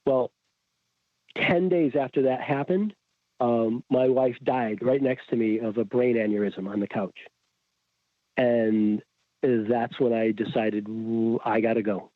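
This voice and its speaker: Podcast guest, Connecticut man, lively retelling with many restarts, lo-fi phone-quality audio. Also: medium pitch, takes it slowly, long pauses, dry recording. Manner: animated, acts out quoted voices, frequent restarts. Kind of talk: storytelling in a casual chat. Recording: tinny phone-like audio, dry.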